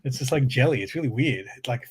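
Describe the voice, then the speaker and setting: A man's voice: mid-range voice, expressive, quick pace, slightly rough. A man with an Australian accent, chatting casually and telling stories, often laughing as he talks. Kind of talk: casual chat, storytelling.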